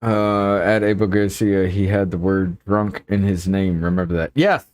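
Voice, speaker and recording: A man's voice: low-pitched, steady tone, moderate pace, a little mellow. A man co-hosting a podcast over a voice call, talking casually and bluntly with frequent swearing. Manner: blunt and profane. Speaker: podcast co-host.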